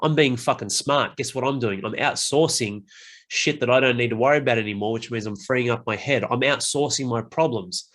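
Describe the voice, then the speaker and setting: Blunt, swearing podcast host. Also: male voice, medium pitch, brisk. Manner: blunt, swearing, animated, mimics people. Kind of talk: casual podcast chat.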